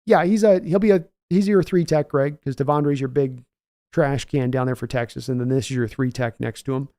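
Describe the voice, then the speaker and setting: A man's voice: mid-range voice, fairly even intonation, a little fast, mellow, no room sound, studio quality. A man hosting a casual livestream, chatting loosely and answering viewers' comments by name. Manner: rambling, conversational, reads out viewer names. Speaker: host.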